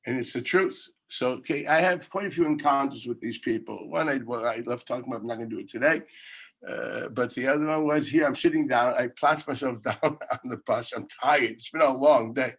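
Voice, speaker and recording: Animated rabbi, lively Talmud class. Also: male voice, medium pitch, fairly quick, breathy edge. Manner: animated, storytelling with sudden shouted quotes and laughs. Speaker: yeshiva rabbi teaching Talmud. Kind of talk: informal Talmud class with storytelling. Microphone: teaching over a video call.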